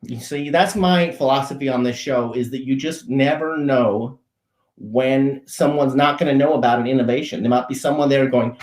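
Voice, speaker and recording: A man hosting a comedy show, explaining obvious everyday things in a mock-earnest, deadpan way, often stopping and restarting his sentences. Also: medium pitch. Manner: halting, frequent restarts and self-corrections. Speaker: show host.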